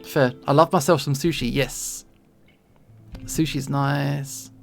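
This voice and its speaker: Gravelly London-accented streamer chatting. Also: mid-range voice, fairly even intonation, slow pace, faint music behind. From England. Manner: chatty, rambling, self-deprecating, laughs often. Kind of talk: casual chat while drawing. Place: home streaming setup.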